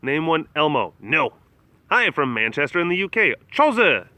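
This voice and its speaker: A man's voice: lively intonation, moderate pace, pushed and bright, no echo. A man chatting casually on a livestream outdoors at an animal facility, reading comments and rambling with many restarts. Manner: rambling with many restarts, coos high at the cats. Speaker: animal care keeper streaming live.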